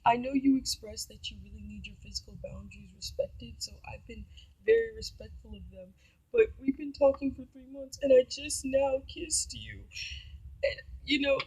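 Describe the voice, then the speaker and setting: A woman voicing a whiny, pushy young man who pleads in a hushed, near-whispered voice. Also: high voice, lively intonation, normal speed, creaky, slightly rough, voice pushed up, heavily acted, poor audio. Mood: pleading.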